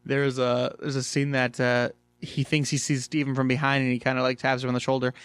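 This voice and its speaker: A man recaps a cartoon episode in an easygoing, excitable way, peppering it with fillers and swear words. His voice sits mid-range, and the recording is completely dry and close. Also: medium pitch, brisk, clear, resonant tone, no echo. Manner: animated, chatty, swears freely, many fillers. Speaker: video reviewer. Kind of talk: casual review chat.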